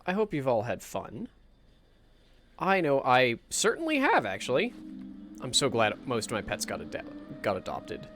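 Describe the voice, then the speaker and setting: A man's voice: medium pitch, huge pitch swings, normal speed, a bit bright. A man hosting a casual gameplay livestream, chatting in a rambling way and swearing now and then.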